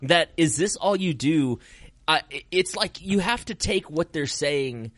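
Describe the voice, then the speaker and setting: Lively laughing man on a podcast. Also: a little high, a little slow, no echo. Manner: animated storyteller, laughs a lot, acts out quotes. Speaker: podcast co-host, magician. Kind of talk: casual chat.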